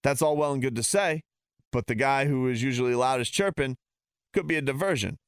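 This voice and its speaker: A man's voice: medium pitch, a little fast, clear, resonant tone, no echo, studio quality. A man ranting heatedly and sarcastically as a sports talk host.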